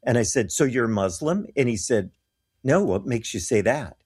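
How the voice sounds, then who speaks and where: A man appears as a guest describing his mission trips, his mid-range voice animated, a little mellow and slightly rough at a moderate pace. He earnestly tells personal stories, acting out the voices of people he quotes.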